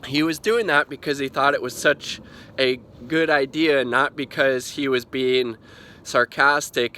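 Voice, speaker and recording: Exasperated man, bright-toned, profane rambling commentary. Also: medium pitch, fairly even intonation, unhurried, slight background noise. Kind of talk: ranting video commentary.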